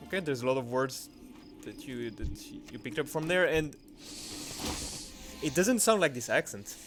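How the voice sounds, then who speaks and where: A young man chats loosely while he plays, drifting from thought to thought and filling the gaps with ums and uhs. His voice sits at an ordinary middle pitch. Loud game music plays right behind him the whole time. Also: expressive, moderate pace. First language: French. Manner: rambling, thinking aloud with many fillers. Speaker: game streamer. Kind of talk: casual gameplay commentary.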